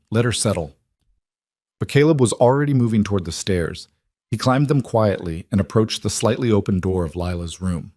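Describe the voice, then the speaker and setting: A man narrating a story in a calm, measured storytelling manner. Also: fairly low pitch, no room sound, studio quality. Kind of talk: scripted audiobook narration.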